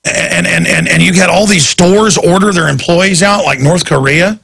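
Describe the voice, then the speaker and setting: A man's voice: sits high, moderate pace, vocal fry, a bit bright, husky. A man hosting a talk radio show, delivering a heated, rambling and indignant monologue.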